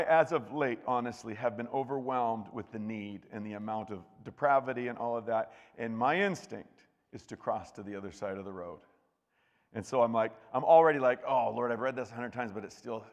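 A male pastor delivers a relaxed, joking sermon and reads scripture aloud, often restarting his sentences. His voice sits at an ordinary pitch for a man. The sound carries the long reverb of a large church hall. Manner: joking, chatty, with frequent restarts. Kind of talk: conversational sermon with scripture reading.

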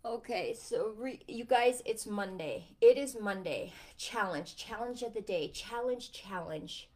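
A woman's voice: a little high, a little slow. A mother chatting casually to her viewers on a livestream, rambling and affectionate.

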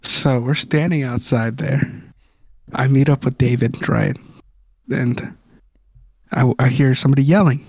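A young man from Southern California co-hosts a podcast with a relaxed, wry way of telling stories. His voice is gravelly at mid pitch, and the sound is dry and close. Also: a little slow, pauses often, no echo. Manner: laid-back, wry storyteller. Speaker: podcast co-host. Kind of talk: casual chat.

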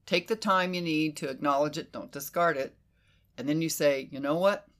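Woman host chatting away, bright edgy voice, emphatic, curses a lot, acts out what she'd say to people. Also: low-pitched, moderate pace. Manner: animated and emphatic, swears freely; breaks into quoted inner voices. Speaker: podcast host. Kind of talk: casual conversation.

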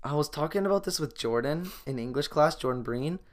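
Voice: mid-range voice, expressive, fairly quick. A teenager in their late teens co-hosting a casual podcast, blunt and sarcastic, swearing often and acting out other people's lines in retold stories. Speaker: podcast co-host. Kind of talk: casual chat.

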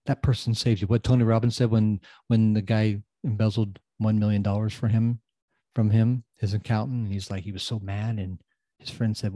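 A man hosting a podcast, giving a motivational talk and repeating phrases, swinging from loud emphasis to quiet asides. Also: lowish voice, moderate pace, dry recording. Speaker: podcast host.

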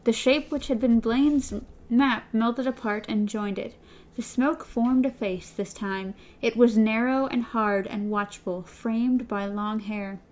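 A woman co-host reads passages from a novel in a casual podcast. Her voice sits a bit high, and her chat stays relaxed. She moves easily from reading to comment.

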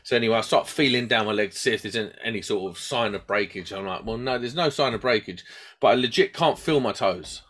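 A fast-talking British man with a lowish, breathy-edged voice chats casually. He tells a long, meandering story with animation, doing the voices of the people in it.

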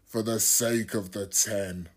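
A man voicing a male deity who speaks in firm, measured declarations. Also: on the low side, fairly even intonation. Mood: solemn.

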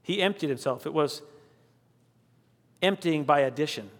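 A man preaching a sermon, emphatic on key declarations and dropping low and slow when he reads scripture. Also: in a large hall. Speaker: pastor.

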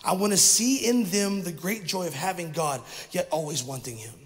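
A middle-aged male pastor delivering an energetic sermon and calling on the congregation to repeat words after him. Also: high voice, normal speed. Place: church sanctuary. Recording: long hall reverb from a church.

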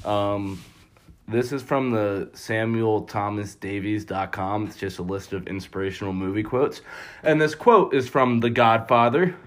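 A woman's voice: a bass voice, measured pace. Giggly young woman telling stories. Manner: relaxed storytelling, giggly. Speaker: podcast co-host. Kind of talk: casual chat.

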